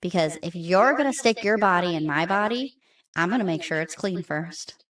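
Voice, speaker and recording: A woman in her thirties co-hosting a podcast in casual chat, animated and blunt, laughing often. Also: lowish voice, normal speed. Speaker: podcast co-host.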